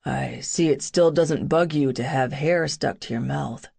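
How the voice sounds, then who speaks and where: A woman doing a low, brooding young man. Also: a little slow, creaky, slightly rough, heavily acted. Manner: low, hushed and wry. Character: brooding, teasing young man, love interest.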